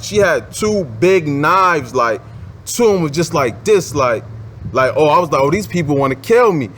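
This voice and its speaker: A man's voice: fairly high pitch, a little hiss or hum. A man telling a personal story in a casual, rambling monologue, with many fillers and restarts. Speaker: advice vlogger.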